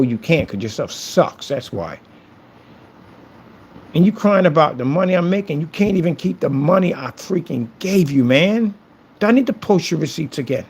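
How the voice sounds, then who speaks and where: A man's voice: a little high, creaky, slightly rough. A man vlogging a casual, boastful rant to camera, taunting his critics and repeating phrases for effect. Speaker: business owner and vlogger.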